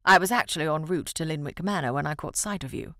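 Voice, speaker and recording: A woman voicing a playful, teasing young gentleman suitor in an audiobook, in dry, mischievous banter. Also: deep voice, fast, no echo, pitched below the performer's own voice.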